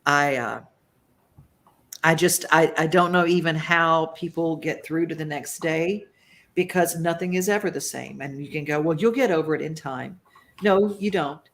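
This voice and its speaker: A woman's voice: sits low, moderate pace, a bit bright. A woman hosting a talk show, speaking emphatically and reading viewer comments aloud. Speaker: host. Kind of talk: casual talk show chat.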